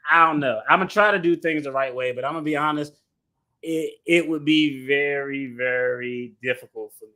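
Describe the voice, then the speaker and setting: A man with a fairly high, bright and forceful voice hosts a casual reaction commentary. He talks in loose slang and gets animated, often breaking into laughter. His delivery stays chatty and outspoken throughout. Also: moderate pace. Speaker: attorney reaction host.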